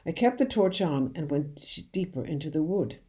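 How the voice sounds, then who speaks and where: A woman reading a children's novel aloud in a slow, hushed storytelling manner. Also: sits low, animated. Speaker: children's book reader.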